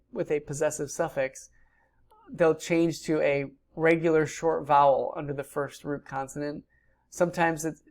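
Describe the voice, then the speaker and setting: A woman with a deep, low-pitched voice walks through a recorded grammar lecture. She explains each point patiently and steadily, with frequent ums as she talks it through. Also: darkish tone. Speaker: Hebrew teacher.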